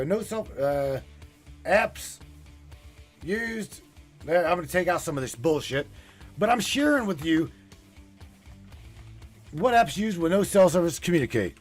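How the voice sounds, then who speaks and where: A male podcast host delivers an impassioned livestream rant full of urgency, pleading and swearing, and repeats himself as he goes. His voice is high with a breathy edge.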